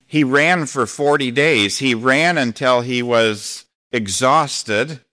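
A man preaching a sermon as pastor, speaking deliberately and emphatically, slowing down to read scripture. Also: mid-range voice, sharp tone, no echo, studio quality.

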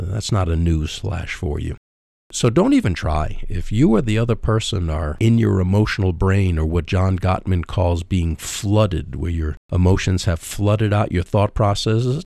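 Middle-aged man, emphatic faith-based advice host; low gravelly voice, dry close mic. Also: warm tone, no room sound. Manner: emphatic, preacherly, pauses for emphasis. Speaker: radio program host.

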